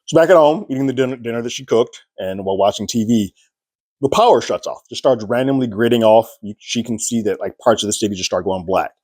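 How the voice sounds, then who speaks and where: A man giving a casual, chatty review of a TV episode, animated and laughing at what happened. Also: mid-range voice, fast talker, no room sound, clean studio sound.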